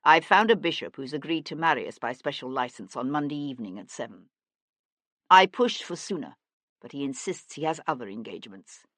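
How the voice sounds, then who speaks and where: A woman's voice: deep voice, lively intonation, a little fast, a bit bright, dry recording. A woman voicing a cold, stern young nobleman who speaks in a clipped, threatening way. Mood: earnest.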